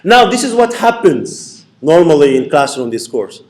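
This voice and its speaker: A man's voice: on the high side, sing-song, normal speed, a little mellow. A man giving a classroom lecture, repeating his points and checking in with the class by asking "okay?". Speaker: university lecturer.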